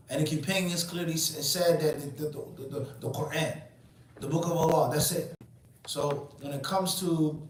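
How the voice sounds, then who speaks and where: A man in his forties giving an emphatic Islamic lecture, asking rhetorical questions and answering them himself. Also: fairly high pitch. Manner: emphatic and preachy. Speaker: Islamic teacher. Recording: very echoey room, mic far off.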